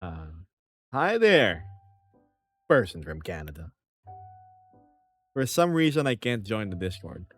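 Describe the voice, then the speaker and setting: Playful man with a lively voice. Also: on the low side, slow pace, pauses often, dry recording, faint music behind. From Philippines. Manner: playful, chuckling, animated. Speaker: streamer. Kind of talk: casual live-stream chat, reading comments aloud.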